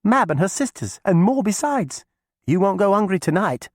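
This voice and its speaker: A man's voice: sits high, sing-song, normal speed, dry recording, studio quality, voice pushed up. Man doing a bold, cheeky young girl. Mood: coaxing. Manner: eager, persuasive, folksy rustic talk. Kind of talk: audiobook character voice.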